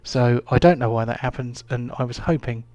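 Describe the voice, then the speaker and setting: A man's voice: medium pitch, a little mellow, dry recording. A man acting as game master who chats casually and rambles off on tangents, recorded through a camera microphone. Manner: chatty and rambling, quick to go off on tangents. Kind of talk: casual chat between players.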